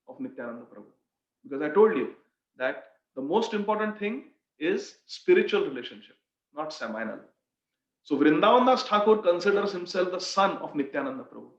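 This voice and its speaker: Man, scripture class teacher, storytelling explanations, higher pitch, roomy echo. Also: fairly bright tone. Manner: explanatory storytelling, addresses listeners as friends. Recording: roomy, dull lo-fi sound.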